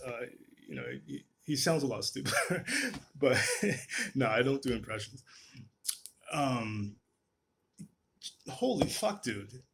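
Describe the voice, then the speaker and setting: A man's voice: mid-range voice, sing-song, takes it slowly, long pauses, a bit bright, slight background noise. A man delivering a casual, profane rant on camera, exasperated and full of restarts. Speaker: vlogger.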